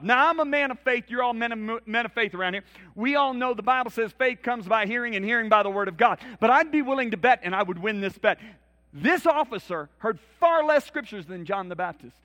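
In a large hall, a man with a high-pitched voice preaches a church sermon. He tells Bible stories dramatically, acting out the voices and swinging between loud and hushed.

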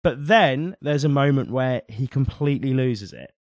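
A British man co-hosting a podcast, lively and opinionated, who isn't shy about swearing. His voice sits at an ordinary middle pitch and is recorded close and dry, with no room sound around it. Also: moderate pace, no room sound. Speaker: podcast co-host. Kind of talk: casual podcast chat.

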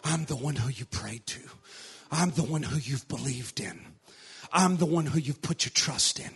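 Jesus as a soft, low-voiced comforter, hushed and tender , as a male preacher puts him on. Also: animated, moderate pace, slightly rough, exaggerated voice. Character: Jesus speaking softly to the faithful.

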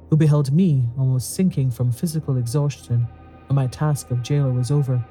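A man reads a horror story aloud in a very dark, mellow voice at a middle pitch. His telling is intense and dramatic, and it climbs into fearful pleading when he speaks the dialogue. Faint music plays underneath. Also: breathy edge. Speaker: audiobook narrator.

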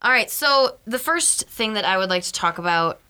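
A woman's voice: mid-range voice, expressive, normal speed, pushed and bright, clear, resonant tone. A woman co-hosting a podcast, talking in casual chat and working through her thoughts as she goes. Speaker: podcast co-host.

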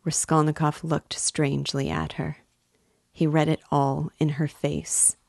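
Woman narrator, novel audiobook, measured and expressive, unhurried pace. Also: sits low, vocal fry, no room sound, studio quality. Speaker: reader and guide of a book series. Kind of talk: audiobook reading of a classic novel.

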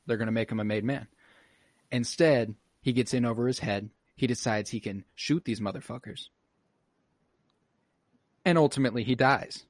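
A man's voice: medium pitch, normal speed, pauses often, dry recording, studio quality. A man hosting a casual podcast, recapping an episode in a loose, profane, laughing way. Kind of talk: casual chat.

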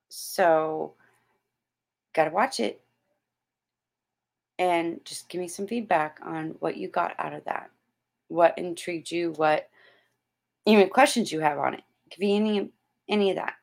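A middle-aged woman hosts a motivational vlog in a fairly low voice. She speaks slowly and emphatically, repeating her points like a preacher giving a pep talk. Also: gravelly. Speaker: motivational host.

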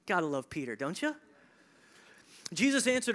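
A male pastor preaching a sermon, conversational and animated, swinging between emphatic peaks and hushed, near-whispered lines. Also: fairly high pitch, a little fast. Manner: conversational asides, chuckling.

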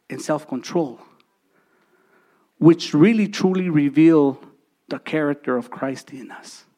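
A man in his thirties preaching a sermon, his voice sitting a little high for a man. He drives points home with repeated phrases, rising loud and then dropping to near quiet. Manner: emphatic preaching with repetitions and swings from loud to soft. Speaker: pastor.

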